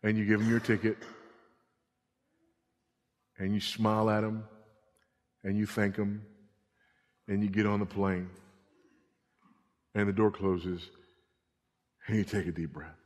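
A middle-aged male pastor preaching a sermon, swinging between emphatic repeated warnings and hushed, low passages. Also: little pitch movement, measured pace, long pauses. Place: church sanctuary. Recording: long reverb of a church hall.

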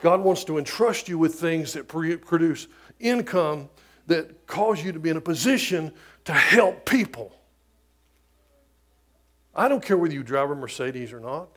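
A middle-aged man preaching a sermon as pastor, emphatic, moving between loud declarations and quiet asides. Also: fairly high pitch, animated, measured pace, pauses often.

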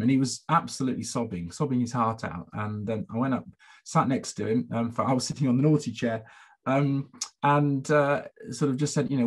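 A man's voice: mid-range voice, slightly rough. A middle-aged man, a former head teacher, telling a story at a conference in a reflective, hesitant way, full of fillers and repeated words. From England.

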